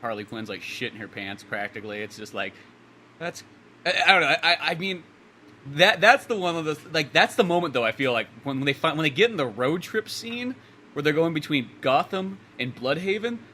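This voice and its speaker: A man's voice: on the high side, big pitch swings, brisk, pushed and bright, a little hiss or hum. A man co-hosting a podcast, giving casual opinions on a film and rambling, often trailing off and restarting. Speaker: podcast co-host. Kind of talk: casual movie review chat.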